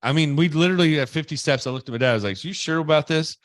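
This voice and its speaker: Animated male podcast host telling stories. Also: fairly high pitch, racing, no echo, studio quality. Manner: animated, exaggerated storyteller. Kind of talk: casual storytelling.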